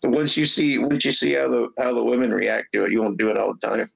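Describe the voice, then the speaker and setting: A man from Indianapolis, a guest on an interview, telling animated stories with frequent laughs and dipping into a Scottish brogue. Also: medium pitch, fast, creaky, breathy edge, low-quality recording. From Indianapolis, USA. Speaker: guest musician and actor. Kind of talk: casual interview chat.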